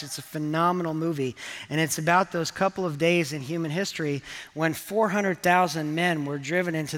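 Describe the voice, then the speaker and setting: A man's voice: on the high side, a bit bright, big-room sound. A man preaching a sermon as pastor, earnest and conversational with touches of humor. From England. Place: church auditorium.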